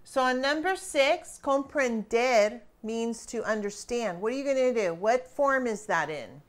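A woman teaching a grammar lesson, quizzing her students with questions and pauses and praising right answers. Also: fairly high pitch, animated. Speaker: Spanish teacher.

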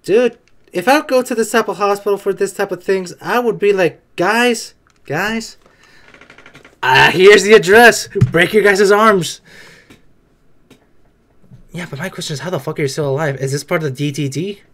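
A man giving casual anime reaction commentary, excitable and swearing as he blurts out his reactions. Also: high-pitched, fast talker. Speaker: anime reaction video creator.

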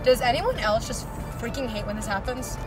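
A woman's voice: a little high, a little fast, over music. A young woman vlogging in a car on a road trip, chatting casually and laughing as she tells stories. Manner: giggly, animated storytelling. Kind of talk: casual vlog chat.

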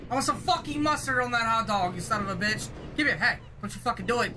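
A woman's voice: fairly high pitch, lively intonation, quick pace, hardly any pauses, sharp tone, slight background noise. A woman giving rowdy, profane commentary while playing a game. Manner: rowdy, profane trash talk. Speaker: gaming streamer. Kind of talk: live gameplay commentary. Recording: game music playing under voice. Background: game music and vehicle sounds.

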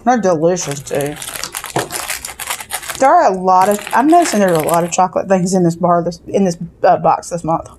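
A woman's voice: on the low side, animated, moderate pace, noisy background. A woman chatting casually while tasting snacks and reading food facts aloud, sometimes with her mouth full. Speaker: co-host of snack tasting channel.

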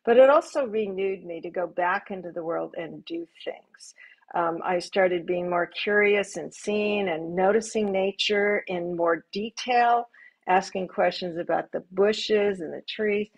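Older lady on a panel, soft reflective storytelling, middling pitch. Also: low-quality recording. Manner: gentle, reflective, unhurried storytelling. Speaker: panel guest. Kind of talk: live panel conversation.

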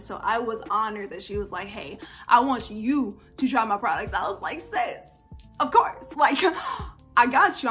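A woman's voice: mid-range voice, a bit bright. A young woman vlogging a hair tutorial in a chatty, gushing, slangy way. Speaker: beauty vlogger. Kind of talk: casual hair tutorial vlog.

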